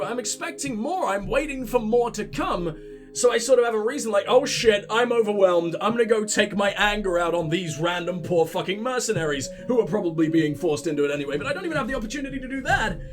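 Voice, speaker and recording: A man with a stuffy cold, rambling and swearing sarcastically while commentating his own gameplay. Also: very high voice. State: congested with a cold or flu. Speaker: let's play host.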